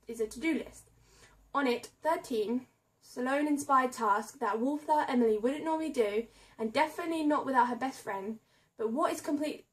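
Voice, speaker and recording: A young woman chatting casually about books she bought, reading blurbs aloud and stumbling over names and hard words. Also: high voice. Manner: reads book blurbs aloud. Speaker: book vlogger. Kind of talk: casual chat about a book haul.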